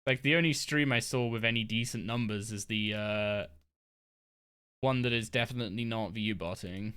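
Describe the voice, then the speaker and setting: A woman's voice: very deep voice, moderate pace, a bit bright, clear, resonant tone. A woman live-streaming a game from her home desk, chatting casually and rambling with lots of fillers and restarts. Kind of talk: casual live-stream chat while gaming.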